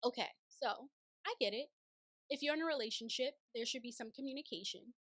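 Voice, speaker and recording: A woman hosting a casual recap of a TV show, chatty and animated, slipping into playful voices when she paraphrases. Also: fairly high pitch, a little fast, no room sound. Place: city home, sirens outside.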